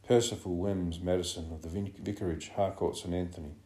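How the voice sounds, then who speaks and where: A man reading a novel aloud as an audiobook narrator, in a measured, grave manner. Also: low voice, steady tone, dark tone. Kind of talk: scripted narration. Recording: roomy echo.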